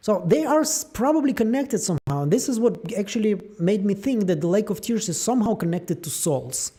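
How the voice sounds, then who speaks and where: High-voiced man musing over show theories. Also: a little fast, breathy edge. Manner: musing aloud, animated, trailing fillers. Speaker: show theory channel host. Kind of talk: casual theory breakdown.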